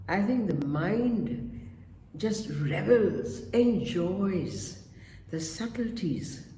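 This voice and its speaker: Man, unhurried lecture, counting beats aloud, slightly high voice, echoey room, faint hiss. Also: dark tone. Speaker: webinar speaker on rhythm in music and dance. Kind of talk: slow spoken lecture.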